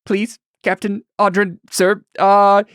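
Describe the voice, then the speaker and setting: A man's voice: sits high, little pitch movement, slow pace, fairly bright tone, clean tone, no room sound, clean studio sound, voice pushed up. A man voicing a cowering, pompous noble passenger who begs and stammers. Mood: begging. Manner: pleading, stammering, groveling.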